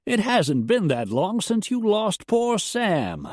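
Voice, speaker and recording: A man voicing a pushy middle-aged rancher who gets loud and strained. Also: high voice, wildly swooping pitch, slow pace, no echo, clean studio sound, voice pushed up, full character voice. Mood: indignant.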